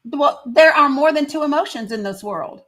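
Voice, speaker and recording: A woman's voice: sits high, expressive, moderate pace, a bit bright. A woman hosting her own live stream, pressing a guest firmly and repeating her questions. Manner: firm, insistent, repeats questions, talks over interruptions. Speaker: livestream host. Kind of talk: heated livestream argument.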